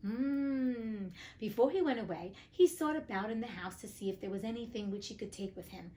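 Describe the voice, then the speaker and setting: A woman's voice: on the high side, moderate pace, dark tone. Chatty woman reading fairy tales aloud. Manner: cheeky, profane side comments. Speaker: podcast host and audiobook reader. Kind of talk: casual storybook reading with asides.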